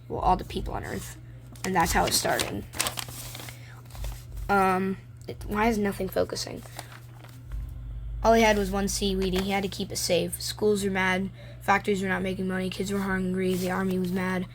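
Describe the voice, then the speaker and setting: A young woman talks through her homemade comics in a loose, rambling show-and-tell. Her voice sits at an ordinary middle pitch, picked up close on a phone. A faint hiss runs underneath. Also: fairly even intonation. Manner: rambling, chatty, reads her own comics aloud with quick silly voices. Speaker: vlogger showing her drawings. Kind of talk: casual show-and-tell vlog. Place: home room, lights turned down.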